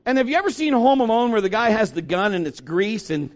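A middle-aged pastor preaches in a high, light voice, spinning a folksy, humorous story. He slips into quick impressions of the people he quotes and then eases back into plain sermon talk. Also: sing-song.

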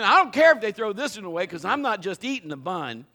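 Middle-aged pastor guy preaching, acts out his stories, voice sits kinda high. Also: fast, hardly any pauses. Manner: animated, acts out the story. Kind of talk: sermon with humorous storytelling.

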